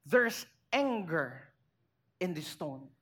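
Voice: medium pitch, sing-song, extremely slow, fairly bright tone, breathy edge. A pastor preaching a sermon in church, making emphatic points and putting rhetorical questions to the congregation.

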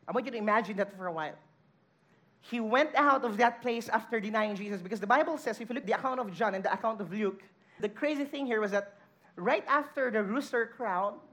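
Female preacher, high voice, earnest sermon delivery with scripture readings. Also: fairly bright tone. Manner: earnest, emphatic, reads scripture aloud.

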